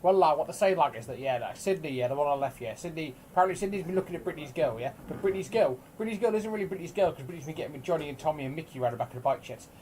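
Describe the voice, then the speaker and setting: A man's voice: on the high side, expressive, rapid-fire, hardly any pauses, darkish tone, a little hiss or hum, natural voice, poor audio. A man voicing a chatty, nosy male troll in a Cockney accent who rambles through gossip in a tabletop game. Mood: gossipy. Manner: rambling gossip, piling up "a bit of".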